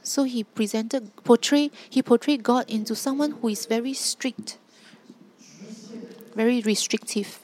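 A woman's voice: a little high, measured pace, darkish tone. A woman preaching a sermon, emphatic and driving points home with repeated rhetorical questions.

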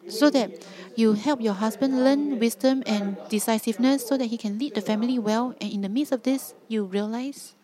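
A woman's voice: a little high, normal speed, few pauses, a crowd in the background. Earnest woman preaching with emphatic repetition. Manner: earnest, emphatic, repeats phrases for stress. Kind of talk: sermon.

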